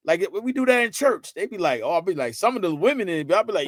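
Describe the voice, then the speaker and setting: A man's voice: fast, few pauses. A man speaking chats as a podcast guest. He tells stories with energy and jumps his voice up when he quotes family and friends. The sound is close and dry, with no room echo. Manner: animated storyteller, acts out quotes with rising pitch. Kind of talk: casual podcast conversation.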